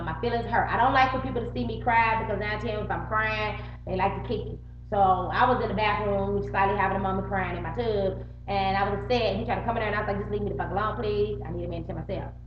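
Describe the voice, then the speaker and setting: A middle-aged woman, a vlogger, talks fast at medium pitch as she tells the camera a story, swearing plenty and acting out each side of an argument. It's a roomy, muffled home recording with a faint hum.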